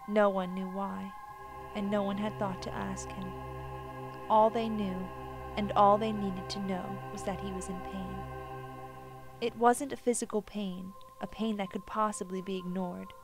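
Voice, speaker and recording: Hushed gravelly-voiced woman narrator. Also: medium pitch, little pitch movement. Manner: slow, hushed, sorrowful delivery. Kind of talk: dramatic story reading. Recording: music playing behind.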